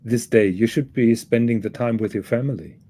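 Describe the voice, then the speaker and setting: A man's voice: mid-range voice, a little fast, dark tone, husky. A man in a live watch chat, teasing and a bit hesitant as he talks.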